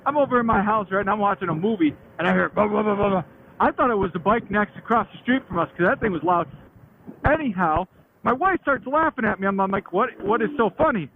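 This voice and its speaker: A man's voice: sits high, expressive, quick pace. A man in his late thirties telling a rambling, slangy motorcycle story, laughing often and swearing freely. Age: late 30s. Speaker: motorcycle vlogger. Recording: tinny phone-like sound with faint noise.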